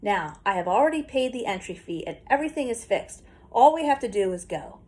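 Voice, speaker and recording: A woman reading an audiobook, voicing an eager, kindly old country grandfather who is quick to get excited. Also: fairly high pitch, natural voice. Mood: serious. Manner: eager, hearty, rising with excitement. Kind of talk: audiobook character voice.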